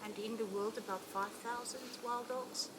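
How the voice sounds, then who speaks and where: A woman, a safari ranger, telling animated stories with frequent ums. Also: on the high side, normal speed, heavy background noise. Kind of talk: telling anecdotes in an interview.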